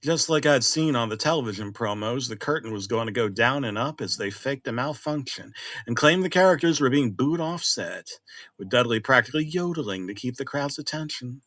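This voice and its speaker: A middle-aged man narrating a horror story in a conversational way, swinging between loud exclamations and hushed asides. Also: medium pitch, animated, a little fast, dry recording.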